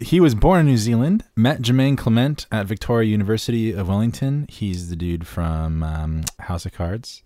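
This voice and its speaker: A man's voice: lowish voice, moderate pace, few pauses, dark tone, no echo, studio quality. A man co-hosting a casual film podcast, joking and self-deprecating while reading out facts. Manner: jokey, self-deprecating, reads facts aloud. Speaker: podcast co-host. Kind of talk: casual chat.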